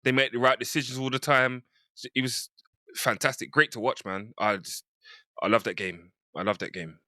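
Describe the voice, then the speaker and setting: A man's voice: mid-range voice, steady tone, moderate pace, pushed and bright, no echo, clean studio sound. A man on a football podcast panel, enthusiastic and rambling as he talks through a match. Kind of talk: casual football chat.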